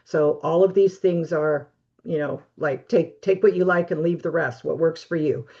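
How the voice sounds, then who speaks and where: A woman guest giving steady, practical advice in a webinar interview over a video call. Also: deep voice, moderate pace, creaky, breathy edge, highs cut off. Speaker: guest expert on relationships.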